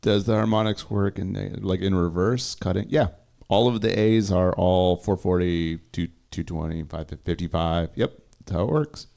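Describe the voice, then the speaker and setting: Low-voiced man explaining music theory. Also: fairly even intonation, moderate pace, gravelly, darkish tone. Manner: laughs often, reads out chat comments. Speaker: co-host. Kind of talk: casual livestream chat, explaining music theory.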